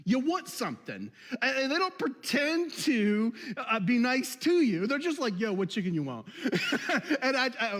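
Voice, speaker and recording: A man's voice: extremely high pitch, fairly bright tone, long reverb tail. A man preaching a casual sermon, joking and laughing often, with many restarts. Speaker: pastor. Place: church hall.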